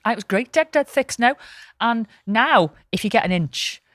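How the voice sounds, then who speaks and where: A woman's voice: fairly high pitch, normal speed, dry recording, clean studio sound. A woman, co-hosting a casual podcast and telling anecdotes with plenty of swearing. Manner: swearing, storytelling, lively anecdotes. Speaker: podcast co-host.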